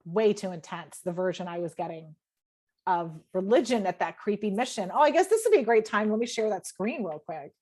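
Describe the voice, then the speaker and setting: A woman's voice: mid-range voice, expressive, fairly quick, a little mellow. A woman, a podcast guest on a video call, telling a personal story with strong emotion and free swearing, often quoting her own thoughts. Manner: emotional, swears freely, quotes herself in her head.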